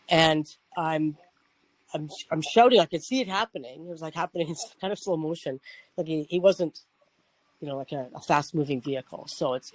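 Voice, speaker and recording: A man's voice: a little high, no room sound, low-quality recording. A man hosting a talk show, telling a personal story in a rambling, casual way with frequent restarts and swearing. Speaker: podcast host.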